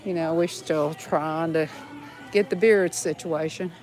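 A woman's voice: deep voice, fairly even intonation, unhurried, a little mellow, soft background music. Chatty Southern woman vlogging while shopping. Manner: chatty, giggly, talks to viewers while browsing. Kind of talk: casual shopping vlog. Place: inside a large discount store.

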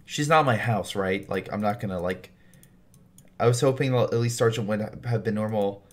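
A man's voice: fairly low pitch, moderate pace. Exasperated man playing a game. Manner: exasperated, blurting reactions. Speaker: gaming YouTuber. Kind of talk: let's-play commentary, reading game text aloud.

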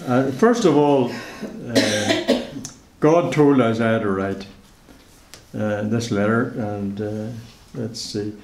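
Measured male preacher in an echoey hall. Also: lowish voice, darkish tone. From Northern Ireland. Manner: measured, repeats key phrases for emphasis. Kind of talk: sermon. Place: church hall.

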